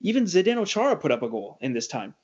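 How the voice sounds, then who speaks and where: A man's voice: fairly high pitch, big pitch swings, fast, slightly rough, lo-fi sound. Rambling joking male podcast host. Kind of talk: casual sports podcast chat.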